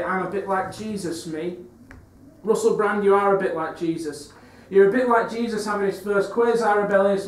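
A man giving a live spoken-word performance lecture, rhythmic and repetitive, swinging from wry asides to loud rants. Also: high-pitched, slight background noise. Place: performance venue with audience. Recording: echoey hall, mic far off.

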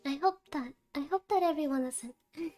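High-pitched, giggly sleepy woman streamer. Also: normal speed, mellow, faint music behind. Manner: giggly, cutesy, talks to chat with many laughs. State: sleepy, tired voice. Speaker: VTuber streamer. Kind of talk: casual game stream chat.

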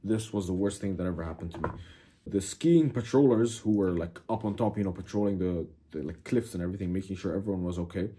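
A young man casually telling a dramatic personal story to camera, animated, cursing and calling the listener "bro". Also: deep voice, fast, slight background noise. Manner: animated, swears a lot, keeps saying "bro". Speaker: vlogger.

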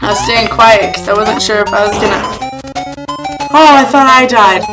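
A woman's voice: mid-range voice, moderate pace, poor audio. A young woman commenting on a platform game as she plays, yelping, laughing and swearing at it. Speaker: gaming video host. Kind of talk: let's play commentary. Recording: game music in background.

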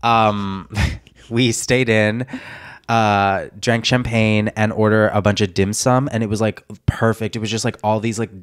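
A man's voice: fairly low pitch, little pitch movement, unhurried, clean tone, no room sound, studio quality. A man co-hosting a podcast in casual, jokey chat, full of fillers. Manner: jokey, chatty, lots of fillers. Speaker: podcast co-host.

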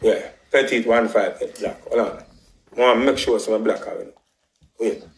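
A man's voice: fairly low pitch, normal speed, slight background noise. Echoey, ranting Jamaican patois vlogger man. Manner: animated, repetitive, emphatic patois rant with swearing. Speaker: live-stream vlogger. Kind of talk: heated live-stream rant.

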